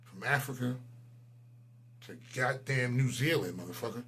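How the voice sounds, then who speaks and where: A man in his forties, a channel host, delivering a profane, heated ranting monologue that swings between loud outbursts and low mutters. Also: animated, moderate pace. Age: 40s.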